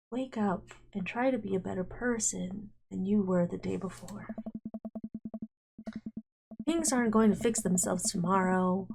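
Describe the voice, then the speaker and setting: A woman's voice: mid-range voice, darkish tone, close to an everyday voice. A woman reading as an earnest, kind dad. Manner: earnest, encouraging, measured. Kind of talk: reading game dialogue aloud.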